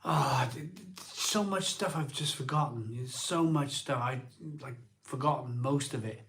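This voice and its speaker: Slow-talking, halting man in his forties. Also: mid-range voice, a bit bright. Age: 40s. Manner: slow, halting, full of ums and restarts. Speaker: live stream host. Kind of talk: rambling emotional live stream chat. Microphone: phone.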